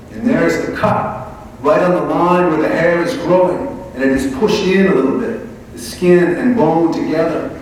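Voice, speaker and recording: A man reads his own fiction aloud in a measured, steady storytelling voice pitched a little high. He is heard from a distance in a large hall with long reverb and faint room ambience. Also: a little hiss or hum. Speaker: author. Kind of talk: reading aloud from his novel. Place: large library event hall. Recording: echoey hall, mic from far off.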